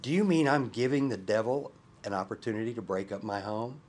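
A man's voice: fairly low pitch, fairly quick, darkish tone, breathy edge. A man reading the lines of an angry, hurt husband in marriage counseling, in a bitter tone. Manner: bitter, read aloud.

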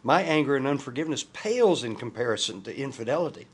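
A man's voice: medium pitch, animated, fast, husky. A man reading the lines of an angry, hurt husband in marriage counseling, in a bitter tone. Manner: bitter, read aloud.

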